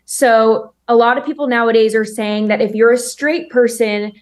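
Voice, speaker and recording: A woman with a slightly high voice co-hosts a sports talk show. She chats in a friendly, upbeat way and sets up the next segment. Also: fairly even intonation, normal speed. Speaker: show co-host. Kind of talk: casual chat.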